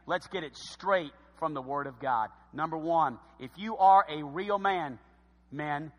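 Man, pastor; impassioned sermon delivery, high-pitched, reverberant sanctuary sound. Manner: fervent preaching with swings from loud shouts to low emphasis.

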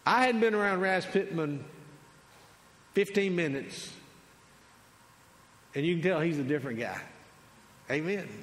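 Preacher in a reverberant sanctuary. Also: male voice, high voice. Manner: dynamic preaching, swings from loud declarations to quiet asides. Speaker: pastor. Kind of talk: sermon. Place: large church sanctuary. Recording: long hall reverb.

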